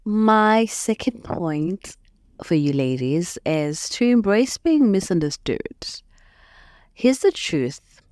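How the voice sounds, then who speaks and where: Woman doing a motivational podcast, lowish voice, dry sound, chill and reflective. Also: big pitch swings, darkish tone, no room sound. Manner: unhurried, reflective, laughs often at her own stories. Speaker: podcast host.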